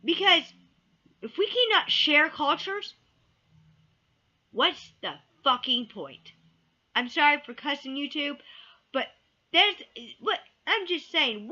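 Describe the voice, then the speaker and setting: A woman rants to camera with a high, lively voice. Her tone is bright and sharp, and she hammers points home by repeating them. The audio is dull and lo-fi. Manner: emphatic, repeats key words, swears then apologizes. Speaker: vlogger. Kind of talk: heated opinion rant to camera.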